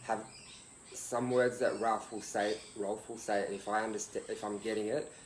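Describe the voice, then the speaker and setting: A man's voice: fairly low pitch, level tone, normal speed, echoey room, a little hiss or hum, poor audio. A man who is a guest in an interview, jumping in eagerly with questions and then speaking to the audience directly. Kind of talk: conversational interview.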